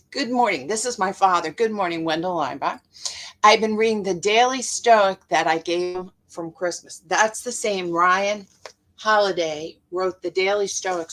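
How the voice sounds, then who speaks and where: A middle-aged woman hosting a motivational talk as a life coach, telling stories in an earnest way and acting out quotes with lively jumps in her voice. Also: fairly low pitch. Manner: earnest, storytelling, animated quoting.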